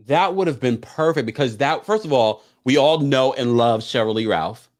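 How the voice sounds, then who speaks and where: A man's voice: medium pitch, moderate pace. A man hosting a live recap stream, chatting casually, reading viewer comments and laughing between remarks. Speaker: live recap show host.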